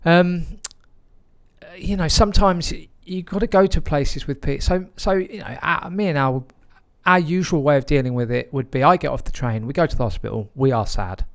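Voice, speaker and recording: A man who is a podcast guest, telling a story in a reflective way, with frequent pauses and restarts. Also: a little high. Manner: hesitant, many fillers and restarts, reflective. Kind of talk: conversational storytelling.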